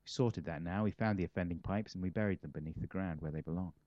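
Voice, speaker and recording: A man's voice: sits low, fast talker, no echo. Wry rambling man, muffled dry sound. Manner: rambling, self-mocking, wry. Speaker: comedian interviewee. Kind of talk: casual interview chat. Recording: slightly muffled dry recording.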